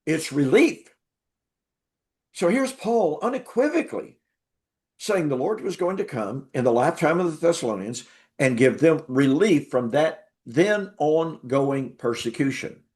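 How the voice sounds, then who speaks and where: This is a man speaking as a guest in a conversational interview. His voice sits somewhat high for a man. He tells his story emphatically and repeats words to drive a point home. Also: animated, measured pace, darkish tone. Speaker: interview guest, Bible teacher.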